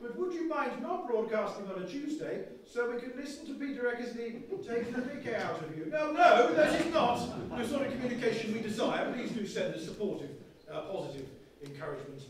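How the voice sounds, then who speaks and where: A man's voice: extremely high pitch, lively intonation, a little fast, crowd noise. A man playing an earnest, fussy 1920s radio announcer in a comic one-man stage play, with a pompous, formal manner. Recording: echoey hall, far from mic.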